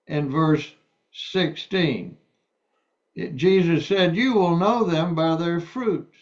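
A man preaching a sermon, reading scripture aloud and explaining it slowly and deliberately, stressing key words. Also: fairly high pitch, muffled recording.

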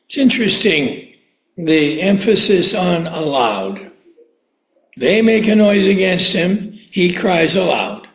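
A man preaching a sermon, reading scripture slowly and with emphasis and putting questions to his listeners. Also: high-pitched, sing-song, reverberant, muffled recording. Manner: slow and emphatic, drawing out quoted verses, asking questions.

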